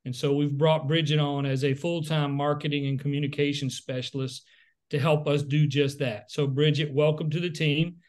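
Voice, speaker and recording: A middle-aged man speaks over a video call in a rather high, flat voice, thanking people one after another. He rambles a little and stumbles over repeated words, in a casual, grateful way. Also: normal speed. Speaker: CEO closing a webcast.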